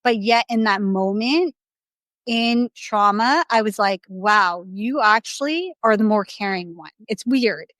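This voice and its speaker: A woman's voice: medium pitch, animated, unhurried, fairly bright tone, no room sound. A young adult woman as a podcast guest, telling her story candidly in a rambling, casual way with many restarts.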